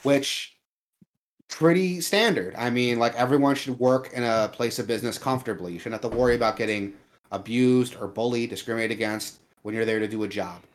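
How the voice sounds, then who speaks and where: A man co-hosting a casual podcast, talking in an earnest, measured way with frequent ums. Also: mid-range voice. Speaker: podcast co-host.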